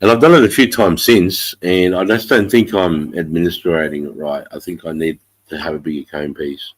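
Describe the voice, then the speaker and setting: A man hosting a casual livestream chat, stuffed up from a head cold, swearing freely and clearing his throat often. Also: deep voice, moderate pace, dry recording, low-quality recording. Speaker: livestream host.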